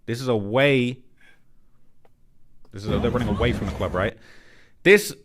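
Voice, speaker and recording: A man's voice: mid-range voice, normal speed, background noise. A man with a mid-range voice narrates footage, pointing out details and dropping hints. He keeps suggesting there is more than he will say. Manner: conspiratorial, hinting. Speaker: host. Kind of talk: casual commentary.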